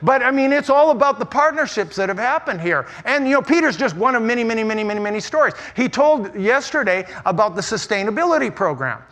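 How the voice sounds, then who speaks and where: A man preaching in a large church auditorium, his voice sitting high and ringing bright. He delivers an energetic conference sermon with humor and punchy emphasis, doubling back on words as he goes. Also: fast talker, few pauses. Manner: humorous, emphatic, often repeats words and restarts. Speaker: pastor speaking at a church conference.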